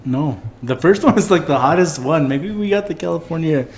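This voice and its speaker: A man's voice: fairly high pitch, lively intonation, a little fast, background noise. A man co-hosting a casual podcast, answering with short remarks and questions. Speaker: podcast co-host. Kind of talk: casual chat.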